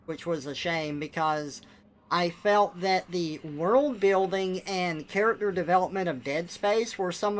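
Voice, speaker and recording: A young man on a live stream, ranting bluntly and with exasperation, swearing now and then. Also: sits high. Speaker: livestreamer. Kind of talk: casual live-stream rant.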